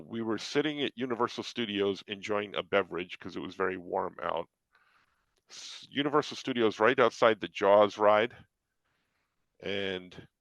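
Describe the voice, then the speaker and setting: A man's voice: lowish voice, vocal fry, no room sound, rough recording. A man telling a story in casual chat, acting out what people said along the way. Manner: animated storyteller acting out quotes. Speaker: comic artist on a talk show.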